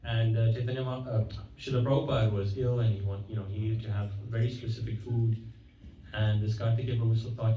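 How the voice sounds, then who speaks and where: A man's voice: medium pitch, little pitch movement, fairly quick, slight background noise. A man giving a devotional lecture at a temple. He tells stories conversationally, acts out the quoted dialogue, and often corrects himself mid-sentence. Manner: conversational, with frequent self-corrections. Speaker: guest speaker at a temple. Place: temple hall. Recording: echoey, distant, dull-sounding hall recording.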